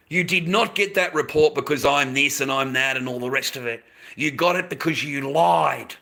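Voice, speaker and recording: Swearing heavily and going over the same points, this Australian man in his fifties rants angrily at his live stream. He speaks at a normal speed in a mid-range voice that's creaky with a sharp tone.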